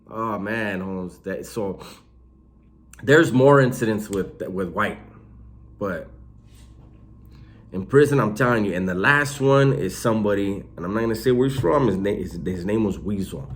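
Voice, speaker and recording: A man casually telling stories about prison life in a slangy, animated way, swearing freely. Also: lowish voice, unhurried, long pauses. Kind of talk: casual storytelling.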